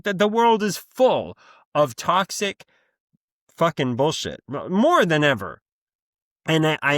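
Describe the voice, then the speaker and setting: A man's voice: on the high side, fairly bright tone, dry recording, clean studio sound. A man hosting his own podcast in a casual, rambling monologue, blunt and freely profane. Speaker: podcast host.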